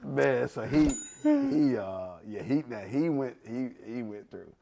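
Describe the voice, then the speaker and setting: A man's voice: mid-range voice, sing-song, takes it slowly, creaky, very noisy. A man in his forties, a pastor, telling stories in a podcast conversation with lots of laughter and acted-out voices. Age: 40s.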